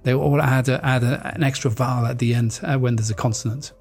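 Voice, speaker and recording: A man who grew up in France, giving a presentation talk in a lively way, often restarting words and playfully mimicking accents. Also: mid-range voice, brisk, creaky. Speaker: speaker on brand naming.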